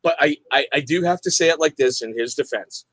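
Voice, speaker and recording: A man hosts a casual veterans' panel, asking questions and teasing his guests with dry, wisecracking jokes. His voice is a little high and a bit bright, his pace brisk, and there's no echo.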